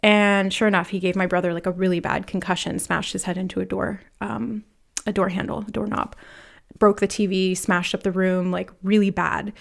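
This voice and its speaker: A woman giving a pick-a-card tarot reading, talking in a lively way, full of fillers, and acting out the voices she quotes. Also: mid-range voice, moderate pace, creaky. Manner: animated, talks with many fillers and acts out quoted voices. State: nervous, laughing from nerves. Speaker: tarot reader.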